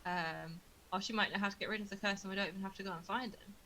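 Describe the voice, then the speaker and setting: A woman's voice: mid-range voice, fairly even intonation, very fast, sharp tone, a little hiss or hum, poor audio. A woman playing a tabletop game, talking hesitantly with many fillers and giggles. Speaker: player. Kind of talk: casual tabletop game play.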